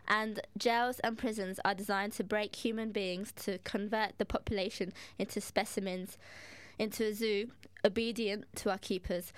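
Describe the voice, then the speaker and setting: A woman hosting a show from a radio studio, reading her introduction at a measured pace. Her voice is smooth and clear, and the sound is close and dry. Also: mid-range voice, no room sound. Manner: reads scripted intro, measured. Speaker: radio host.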